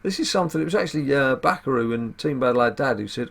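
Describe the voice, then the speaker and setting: A man with a husky, gravelly voice talks through a mobile card game. He keeps it casual and wry, musing aloud and throwing in dry asides to his viewers. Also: mid-range voice, lively intonation, fast. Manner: chatty and wry, muttering asides to himself. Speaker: gaming channel host. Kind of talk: casual gameplay commentary.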